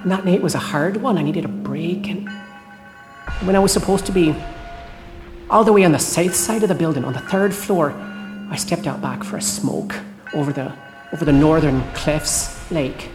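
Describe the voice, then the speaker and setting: A shaken woman night cleaner, played by an actress, recounting her ordeal in a horror audio drama, tense and halting with the odd curse. Her voice sits low and sounds roomy, with a music score underneath. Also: close to an everyday voice.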